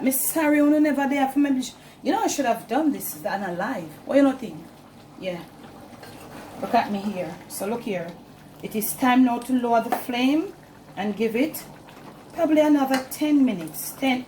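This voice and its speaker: A woman's voice: a little high, darkish tone, a little hiss or hum. A woman with a Jamaican accent hosting a casual cooking demonstration in her home kitchen, chatting in a mix of patois and standard English. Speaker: cooking channel host.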